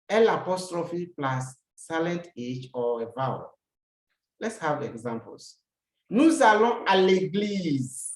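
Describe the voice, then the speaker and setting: A language teacher walks through a lesson, saying each example sentence, then translating it and repeating it. Now and then they turn to the learner with a rhetorical question. The voice sits at an ordinary pitch and rings in a roomy space. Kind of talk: recorded lesson. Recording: roomy echo.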